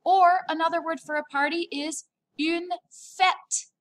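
A woman's voice: very high-pitched, fairly even intonation, a little slow, a bit bright. An upbeat, playful woman teaching a recorded French lesson, drawing out words to model pronunciation.

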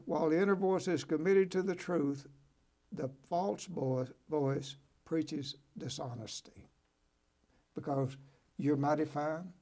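A man's voice: fairly high pitch, gravelly, a little mellow, slight background noise. A man hosting a motivational talk show, reading from a book and adding folksy, preachy encouragement with frequent "right?" and "okay?" asides. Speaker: host.

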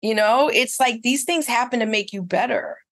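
A woman's voice: on the high side, moderate pace, a bit bright. A middle-aged woman who owns a spa, telling her story in a casual interview with eager, rambling restarts. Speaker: spa owner and esthetician.

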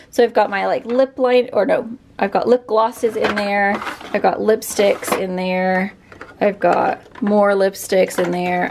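A woman's voice: mid-range voice, background noise. A woman giving a casual, chatty tour of her bedroom filming room as a beauty vlogger, upbeat and full of fillers.

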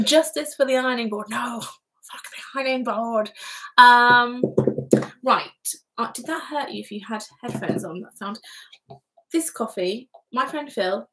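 A woman's voice: a little high, a bit bright, poor audio. Chatty, giggly woman vlogger. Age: adult parent. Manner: chatty and giggly, rambling asides. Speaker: vlogger hosting a live craft stream. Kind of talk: casual live chat, reading viewer comments.

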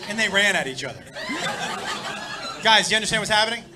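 A male stand-up comic with a strikingly high voice tells his story brashly and profanely, pushing to shouted punchlines. A loud audience laughs throughout, and the played-back clip carries clear background noise. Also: animated, fast, a crowd in the background. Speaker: stand-up comedian. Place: comedy stage before a live audience.

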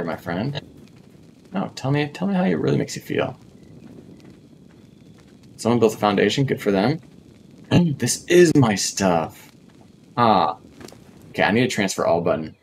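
Slight hiss or hum sits under this man's lowish voice. He's a North American streamer casually narrating a survival game, talking to himself and to the creatures, with lots of repeated words.

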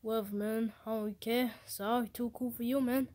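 A woman's voice: fairly high pitch, steady tone, moderate pace, a little mellow, dry recording, natural voice. A woman voicing Mario as a swaggering, slang-heavy wannabe gangster in an amateur fan movie. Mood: cocky. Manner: swaggering slang, dismissive, bossy. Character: Mario acting as a cocky wannabe gangster, male adult.

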